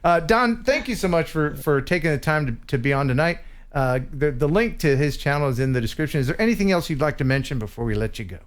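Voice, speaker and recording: A man's voice: fairly high pitch, expressive, fast. A man from the United States hosting a casual live stream, joking and reading viewers' chat messages aloud. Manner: jokey, teasing, reads chat messages aloud. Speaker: host.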